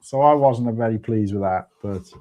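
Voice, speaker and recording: A man's voice: lowish voice, normal speed, dark tone. A man from Wales hosting a live stream, chatting casually in a rambling way and laughing often. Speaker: stream host. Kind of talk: casual chat.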